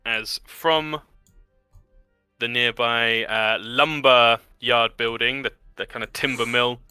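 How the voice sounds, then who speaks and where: A man narrating a tabletop game as game master, relaxed with many fillers. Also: mid-range voice, takes it slowly, smooth, no room sound, faint music behind.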